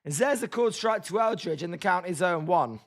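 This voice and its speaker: A hoarse British man hosting a casual baseball watch-along stream, reading chat and grumbling about his team. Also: high-pitched, expressive, fairly quick. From Britain. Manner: chatty, reads chat names, groans at the team. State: hoarse, voice tiring. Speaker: livestream host.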